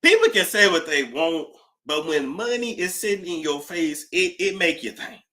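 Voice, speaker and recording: Chatty male livestream host with a bright, forward voice; animated and talkative. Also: sits high, normal speed. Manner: animated, chatty, reading out donor thanks. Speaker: YouTube gossip host. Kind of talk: casual livestream chat.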